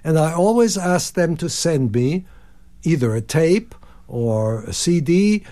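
A 90-something composer recounts anecdotes in a radio interview, acting out what people told him and singing bits of music. He speaks at a slow pace in a fairly high-pitched voice.

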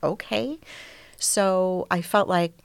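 A middle-aged woman telling her personal story as an interview guest, softly, often dropping to a near whisper. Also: fairly low pitch, takes it slowly, gravelly, clean tone, no room sound.

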